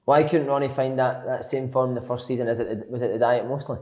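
A man's voice: mid-range voice, steady tone, fairly quick, darkish tone, echoey room. Teasing male podcast host. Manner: teasing, jokey questions. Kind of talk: casual podcast interview.

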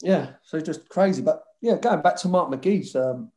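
A man's voice: a little high, expressive, moderate pace, a little mellow. A man telling rowdy stories about his football days in a casual chat, swearing freely and laughing often. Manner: swears a lot, laughs often, mimics others. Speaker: former footballer guest.

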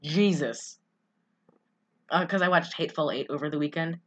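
A woman's voice: deep voice, normal speed, a bit bright. Giggly woman rambling through a plot. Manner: rambling, giggly, quotes characters in put-on voices. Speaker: podcast co-host recapping a movie. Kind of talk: casual chat.

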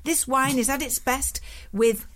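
A woman's voice: sits high, steady tone, a little slow, a bit bright. A woman co-hosting a casual podcast chat, giggly and chatty, with mock-posh asides. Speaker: podcast co-host.

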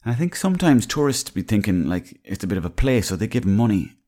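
A man's voice: fairly low pitch, sing-song, fast talker, warm tone. An Irish man hosting a podcast, telling rambling, salty anecdotes in a casual monologue. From Ireland. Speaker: podcast host.

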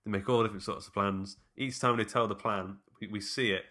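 A man's voice: lowish voice, fairly even intonation, fairly quick, pushed and bright. A man casually retelling a film with a friend, laughing often and quoting lines.

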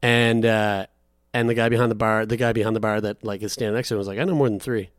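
A man co-hosting a casual podcast chat, who tells rambling stories, goes off on animated tangents and swears freely. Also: on the low side, fast talker, clear, resonant tone, no room sound, studio quality. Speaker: podcast co-host.

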